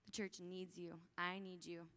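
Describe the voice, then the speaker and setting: A woman's voice: on the low side, little pitch movement, normal speed, bright, forceful tone, clean tone. Earnest woman speaker addressing teens. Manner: earnest, casual phrasing with frequent "like"; urgent, encouraging appeals to the audience. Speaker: youth conference speaker. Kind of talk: youth conference talk and prayer.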